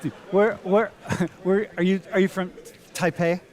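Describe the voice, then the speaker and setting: A man's voice: sits high, steady tone, a little slow, darkish tone. A man teaching a university class in a large lecture hall, talking casually and playfully, calling students dude and bro. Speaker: university professor.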